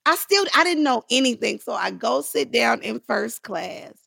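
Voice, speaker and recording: A woman with a fairly high, slightly gravelly voice tells stories as a podcast guest. She acts out the people in her stories, jumping way up in pitch for their lines. The studio sound is dry and close. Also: normal speed, no room sound. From Los Angeles. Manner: acts out quoted voices with big pitch jumps, laughing, lively. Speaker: actor, interview guest. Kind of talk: animated storytelling in a podcast interview.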